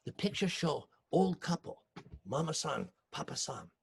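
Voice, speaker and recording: Animated storyteller with Hawaiian Pidgin accent. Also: male voice, fairly high pitch, a little slow, creaky, husky. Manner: animated, acts out voices, shifts from shouts to hushed whispers. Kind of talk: oral storytelling. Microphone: home recording for video call show.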